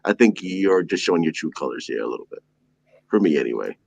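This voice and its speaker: A man's voice: rumbling low, big pitch swings, quick pace, vocal fry, darkish tone, dull audio. A man hosting a livestream show, chatting casually, reading viewer comments aloud and laughing often.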